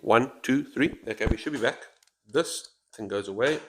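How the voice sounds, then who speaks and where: On his solo board game stream, a man weighs each move out loud in casual commentary. His voice is mid-range and moderately paced, picked up by a headset mic with a straw-like boom.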